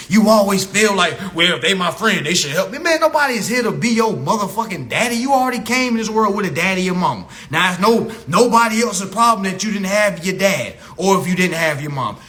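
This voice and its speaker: A social media host rants unscripted on a phone livestream, profane and preachy, hammering his points by repeating them. His voice sits high with lively intonation and is a bit bright. He talks fairly quickly with few pauses.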